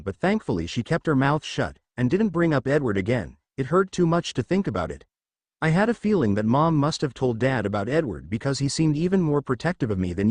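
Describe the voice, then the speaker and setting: A man narrating a first-person story in an expressive reading voice. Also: medium pitch, no echo.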